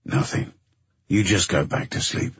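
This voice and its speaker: A man's voice: low voice, a little slow, slightly rough, no echo, muffled recording, full character voice. A man voicing a tired, evasive man giving short answers, in an audiobook. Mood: weary. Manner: curt, evasive. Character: tired terse man evading questions.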